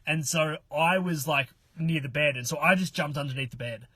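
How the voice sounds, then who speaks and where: A man's voice: fairly high pitch, moderate pace, fairly bright tone, dry recording. A man telling a long story among friends, swearing, laughing and acting out other people's lines. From Australia. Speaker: mystery guest telling a story.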